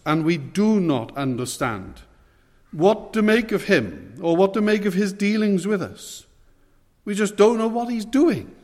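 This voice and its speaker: A male preacher delivers a sermon in a church with a long reverb trailing each phrase. He is earnest and emphatic, and he often slows down and drops into quiet, low lines.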